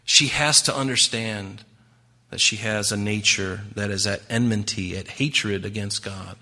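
A pastor preaches in a conversational style, his voice low-ish, a little slow, pushed and bright. He poses rhetorical questions to the congregation and acts out the voices of characters in his stories.

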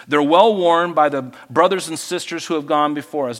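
Pastor guy preaching, kinda high voice, big echoey church sound. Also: moderate pace, few pauses. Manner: animated, acts out quoted people in higher voices. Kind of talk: sermon.

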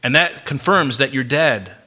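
A man preaching a sermon, reading scripture and explaining it with emphatic, slowed stresses. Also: mid-range voice, lively intonation, husky. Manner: emphatic, varies loudness and slows for stress. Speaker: pastor.

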